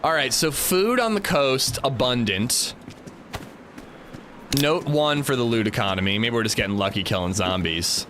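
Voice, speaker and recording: Chatty, lively male game streamer. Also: mid-range voice, normal speed, noisy background. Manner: chatty, greets chat by name, jokey. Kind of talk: casual livestream chat.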